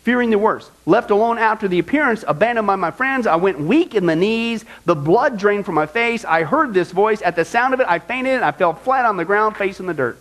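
High-voiced preaching man. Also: fairly quick, few pauses, poor audio. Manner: animated preaching, acts out quoted complaints; rhetorical questions to the congregation. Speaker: pastor. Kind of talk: sermon.

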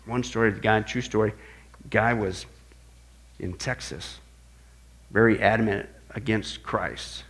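A pastor teaches apologetics in sermon style, animated throughout: his voice sinks low and hushed for stories and climbs loud for quoted outbursts. He speaks at a measured pace and pauses often.

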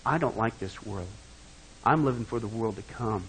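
A male pastor preaching a sermon, swinging from loud, emphatic passages down to low, hushed asides. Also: moderate pace, slightly rough, low-quality recording.

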